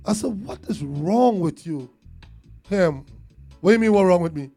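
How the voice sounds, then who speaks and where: A Trinidadian man tells a long neighborhood story in a high, gravelly voice, jumping up in pitch and volume as he acts out the people in it. Faint music plays underneath. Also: moderate pace. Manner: animated storyteller, acts out quotes, laughs between lines. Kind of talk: storytelling in casual talk.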